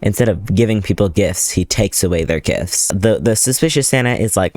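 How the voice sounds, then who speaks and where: Guy rambling through a sarcastic movie recap, swears a lot, lowish voice. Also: brisk, few pauses, a little mellow, no room sound. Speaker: movie commentator. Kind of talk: casual movie recap commentary.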